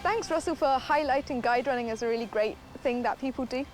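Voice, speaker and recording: A woman's voice: high-pitched, a little fast. A woman who is a visually impaired runner, speaking cheerfully and sincerely in a filmed interview. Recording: outdoor event with music and crowd.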